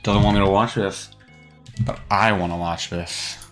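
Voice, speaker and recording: A man's voice: low voice, steady tone, unhurried, music in the background. A young man doing sarcastic, profane reaction commentary over a video. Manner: sarcastic, easily riled, swears a lot.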